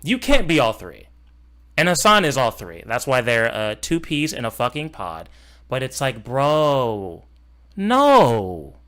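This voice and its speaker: A man's voice: medium pitch, sing-song, takes it slowly. Streamer guy, heated and foul-mouthed, voice that jumps all over the place, mocking. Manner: swings between loud outbursts and muttered asides. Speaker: streamer reacting to a video. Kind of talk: casual live-stream reaction rant.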